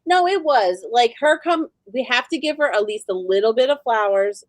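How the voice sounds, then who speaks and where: Podcast co-host, woman, emphatic and laughing, higher voice. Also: expressive, normal speed, no echo. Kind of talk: casual recap chat.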